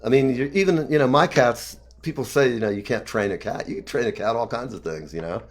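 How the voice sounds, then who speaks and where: A man in his fifties telling rambling personal stories in casual chat, animated and profane, often laughing. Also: mid-range voice, brisk. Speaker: talk show guest.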